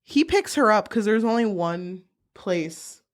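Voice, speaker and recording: Young woman co-host, casual book-chat podcast, laughs often, mid pitch, loose and swearing. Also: a little slow. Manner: laughing, swearing, animated retelling.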